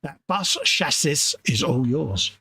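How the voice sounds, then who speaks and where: A man from the UK co-hosts a live stream in a relaxed, jokey way, often slipping into voices when he quotes people. His voice is gravelly and husky, and it swings widely in pitch. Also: slow, dry recording. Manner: jokey, self-mocking, acts out quoted voices. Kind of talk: casual chat.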